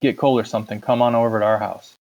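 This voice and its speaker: A man voicing a gentle, quiet teenage boy who speaks softly and calmly, on a dull lo-fi recording. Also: fairly low pitch, fast, natural voice. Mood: sleepy. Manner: soft, calming.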